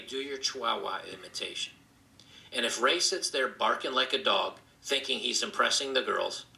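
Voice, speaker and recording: A man giving an earnest opinion monologue in a halting way, often restarting his sentences. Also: medium pitch, vocal fry, sharp tone, reverberant, rough recording. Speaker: video commentator being reviewed.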